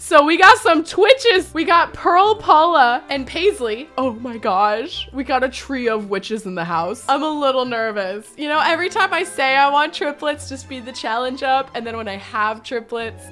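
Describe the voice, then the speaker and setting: A young American woman chats excitably through a let's-play, talking straight to her viewers. Her voice sits high and bright, and it leaps up and down. Faint game music plays underneath. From United States. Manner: bubbly, excitable, chatty asides to viewers. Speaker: gaming YouTuber. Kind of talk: casual let's-play commentary.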